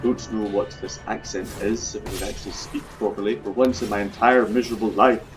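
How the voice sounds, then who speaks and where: A man's voice: lowish voice, fairly even intonation, a little fast, music in the background. A man casually commenting on his own gameplay, chatty, swearing freely and talking through his plans. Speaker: video game let's player.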